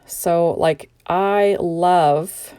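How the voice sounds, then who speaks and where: A middle-aged woman from Canada speaks very slowly in a fairly low, mellow, clear voice with a resonant tone. Narrating her home card-making tutorial, she's sleepy and yawning, chatty and gushing, with rambling side comments.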